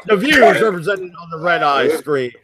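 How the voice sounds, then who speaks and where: A man's voice: fairly high pitch, animated, moderate pace, over a noisy crowd. A man co-hosting a casual group stream, often cutting in and laughing.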